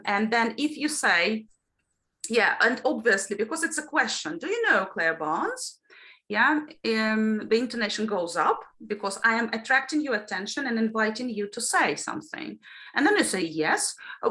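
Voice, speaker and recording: Lively bright-voiced woman teacher. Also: medium pitch. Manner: lively, demonstrates intonation with questions to the class. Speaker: teacher trainer. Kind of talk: online teacher-training lesson.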